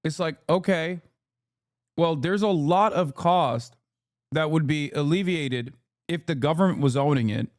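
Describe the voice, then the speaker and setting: A man's voice: a little high, unhurried, no echo, clean studio sound. A man streaming, reacting to news clips in casual chat, swearing a lot and firing off heated rhetorical questions. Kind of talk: casual profane reaction commentary.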